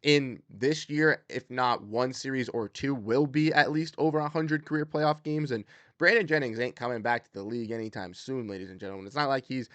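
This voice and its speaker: A man's voice: lowish voice, no echo. A young man hosting casual sports commentary, fired-up and repetitive, with many fillers.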